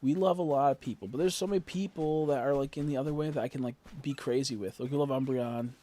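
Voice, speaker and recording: A man's voice: medium pitch, fast talker, mellow. A man streaming a game, chatting casually and rambling with lots of filler words while joking with his chat.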